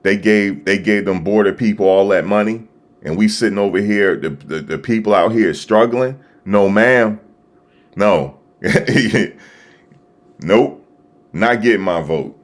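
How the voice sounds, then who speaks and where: A man hosting a live stream, talking casually and excitedly to his viewers, repeating himself as he reacts. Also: low voice. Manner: animated, repetitive, talking to chat viewers. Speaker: livestream host. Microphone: desktop USB microphone.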